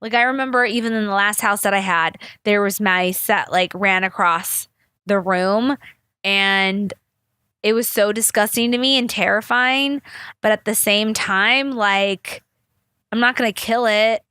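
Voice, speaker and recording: Here a young podcast host tells rambling, chatty stories at a measured pace, cursing without restraint and giving quoted people big, theatrical voices. Her medium-pitched voice sounds sharp, clear and resonant, with no echo.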